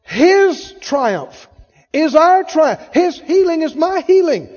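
A man's voice: very high-pitched, big pitch swings, slow, darkish tone, long reverb tail, muffled recording. A male preacher delivering an emphatic sermon, calling out to the congregation for responses and acting out voices.

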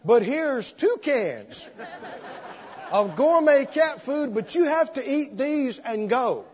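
A high-pitched man preaching slowly and deliberately, acting out little scenes as he tells his story. His voice rings through a large hall with a long reverb, and the recording sounds dull and muffled. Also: a faint crowd. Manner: animated storytelling, acts out scenes. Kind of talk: sermon.

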